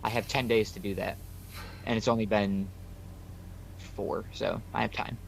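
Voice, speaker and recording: A man's voice: fairly low pitch, fairly even intonation, normal speed, creaky, a little hiss or hum. A man co-hosting a podcast, casually retelling a story full of quoted dialogue. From New York. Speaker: podcast co-host.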